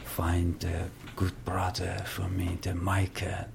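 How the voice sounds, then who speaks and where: Slow, deep gravelly-voiced man. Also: completely flat delivery, noisy background. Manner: slow, soft-spoken, earnest, often drops to a whisper. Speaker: guest, painter. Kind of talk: casual interview chat.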